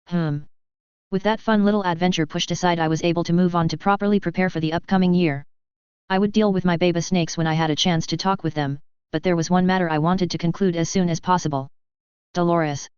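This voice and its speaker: Casting: woman narrator for first-person story, playful, low smooth voice, dry close sound. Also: darkish tone, no echo. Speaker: audiobook narrator. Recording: dull dry lo-fi audio.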